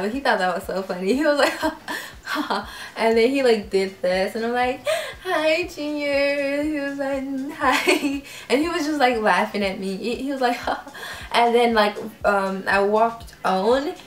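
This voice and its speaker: A young woman vlogger telling a story in a casual, animated way, acting out voices and laughing often. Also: on the high side, normal speed, reverberant. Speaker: YouTube vlogger.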